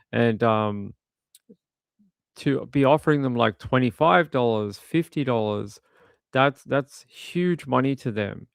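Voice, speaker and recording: Gravelly man on a casual true crime stream. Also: medium pitch, dry recording, clean studio sound. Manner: rambling and indignant, with frequent restarts. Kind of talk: casual commentary while watching videos.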